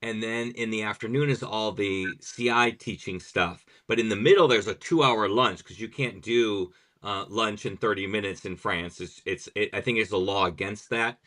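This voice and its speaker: A man hosting a podcast, chatting casually and telling stories with lively enthusiasm. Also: fairly low pitch, moderate pace, few pauses. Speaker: podcast host.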